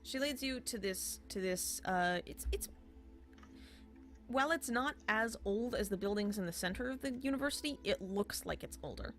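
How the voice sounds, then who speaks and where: A woman narrating a tabletop game as game master, halting with fillers and restarts. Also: mid-range voice, animated, fairly bright tone, faint music behind.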